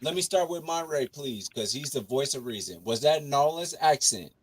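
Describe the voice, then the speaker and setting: A man's voice: mid-range voice, lively intonation, moderate pace. A man from New Orleans with a New Orleans accent, co-hosting a podcast and pressing the others with the same question in heated casual chat. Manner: insistent, repeats questions, swears. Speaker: podcast co-host.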